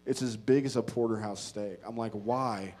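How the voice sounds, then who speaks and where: A man doing stand-up, telling a story with profane, animated delivery that swings between loud outbursts and low muttered asides. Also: fairly quick. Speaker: stand-up comedian. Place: comedy stage before a live audience.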